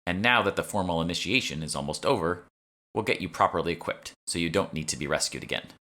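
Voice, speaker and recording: A man's voice: sits low, animated, fast, sharp tone. A man voicing a stern, curt male guild member who brushes off questions. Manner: curt, dismissive.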